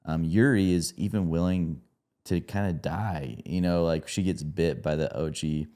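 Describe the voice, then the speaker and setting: A man with a very low, mellow voice co-hosts a movie review podcast. He talks in a loose, rambling way, full of "like" and "you know", and laughs easily. The feel is an easygoing chat between friends. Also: fairly even intonation, moderate pace. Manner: laughs often, rambling with many fillers.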